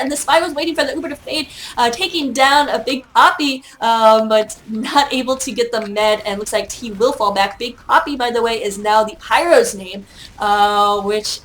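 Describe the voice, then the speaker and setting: A woman's voice: on the high side, moderate pace, fairly bright tone, slight background noise. A woman giving solo play-by-play commentary on an online game match, chatty and self-mocking, with many hesitations and fillers. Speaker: esports caster.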